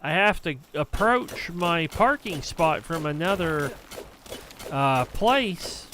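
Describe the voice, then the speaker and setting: A man's voice: on the high side, bright, forceful tone, slight background noise. A young adult man streamer casually telling a rambling, profane story on a livestream. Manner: rambling, profane, heated anecdote.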